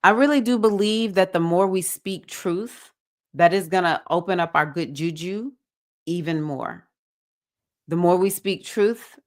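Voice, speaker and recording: A woman with a Southern accent hosting a livestreamed spiritual circle for women, talking in an earnest, preachy way with bursts of excitement. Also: fairly low pitch. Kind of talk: livestream talk to a women's group.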